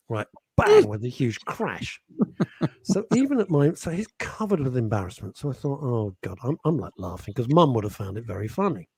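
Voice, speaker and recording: A man presenting on radio, telling a funny story with animated delivery and laughing as he goes. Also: mid-range voice, slightly rough, dry recording. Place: radio studio. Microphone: studio microphone.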